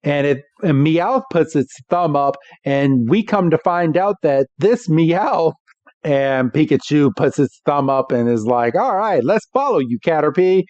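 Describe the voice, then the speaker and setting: A man co-hosting a podcast, recapping a cartoon episode in an animated, laughing way. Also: a little high, measured pace, dry recording, highs cut off. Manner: animated, laughs between lines. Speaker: podcast co-host.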